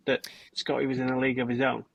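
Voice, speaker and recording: Husky-voiced guest coach on a call. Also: male voice, medium pitch, completely flat delivery, quick pace, rough recording. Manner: cautious, hesitant, with restarts. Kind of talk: casual podcast interview.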